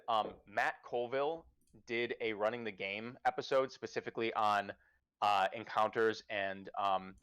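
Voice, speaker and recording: A man's voice: on the low side, fairly bright tone, smooth. A man hosting a casual livestream chat, giving profane, emphatic advice as a game master. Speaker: podcast host and dungeon master.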